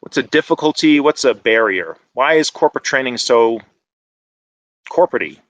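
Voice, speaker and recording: A man giving an online conference presentation in a conversational, animated way, with frequent fillers. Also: mid-range voice, moderate pace, dry recording.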